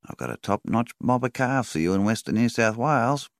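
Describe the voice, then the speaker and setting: A man's voice: medium pitch, expressive, a little fast, dry recording, clean studio sound, voice pushed up, lightly acted. A man reading an audiobook voices a talkative, pushy male cattle agent who keeps pressing a sale.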